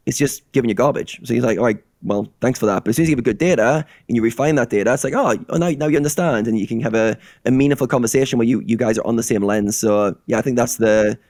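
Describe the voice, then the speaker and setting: A man talks in a rapid, eager stream of casual chat. He slips into quick little acted-out exchanges as he goes. The sound is dry and close. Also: mid-range voice, steady tone, darkish tone, dry recording. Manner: eager, rapid-fire, acts out dialogues.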